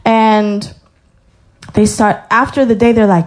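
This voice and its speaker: Speaking slowly in a mid-range voice, the young woman gives her testimony like a relaxed sermon. She reads scripture aloud and tells animated stories, acting out the quotes.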